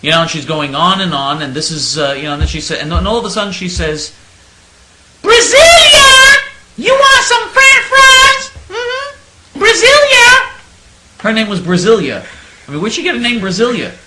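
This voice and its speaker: A man's voice: fairly high pitch, fast, echoey room, very noisy. A man hosting a talk radio show, telling stories in a mock-naive, sarcastic way. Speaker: radio host.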